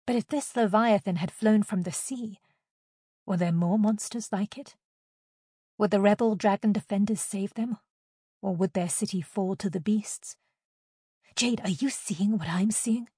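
A woman reading a fantasy novel aloud as an audiobook narrator, in a steady, expressive reading. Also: mid-range voice, normal speed, slightly rough, no room sound, studio quality.

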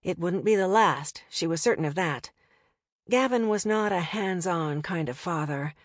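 A woman's voice: fairly low pitch, animated, moderate pace, no room sound, clean studio sound. A woman narrating an audiobook in a wry, conversational way.

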